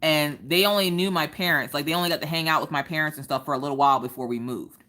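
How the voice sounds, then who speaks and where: A woman, hosting a casual craft livestream chat and telling stories in an animated way. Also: low voice, quick pace. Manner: animated storytelling, acts out quoted voices.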